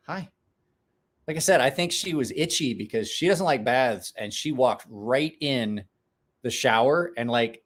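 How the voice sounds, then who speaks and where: A man chatting casually on a live stream, rambling, restarting words, and talking to his dog in between. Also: mid-range voice.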